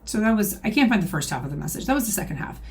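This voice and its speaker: A woman's voice: mid-range voice, very animated, racing, background noise. A woman reacting to a video, defending herself point by point in casual commentary.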